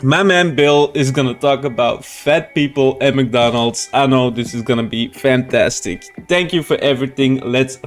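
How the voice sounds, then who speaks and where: A man's voice: medium pitch, normal speed, few pauses, faint music behind. A man hosting a reaction video, talking casually, swearing and laughing often.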